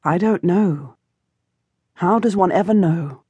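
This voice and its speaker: A woman narrating a historical novel in first person, measured and expressive, close to the mic. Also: lowish voice, breathy edge, no room sound, highs cut off. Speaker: audiobook narrator. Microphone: close studio mic.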